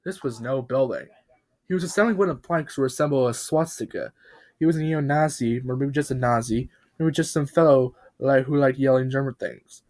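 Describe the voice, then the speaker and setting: A man narrating a parody creepypasta in a mock-serious, deadpan tone with dramatic pauses. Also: mid-range voice.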